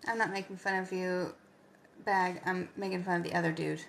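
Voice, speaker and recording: A woman in her fifties hosting a casual late-night livestream from home, chatty and answering viewer comments with soft asides. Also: on the low side, level tone, normal speed, gravelly, a little hiss or hum. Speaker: livestream host.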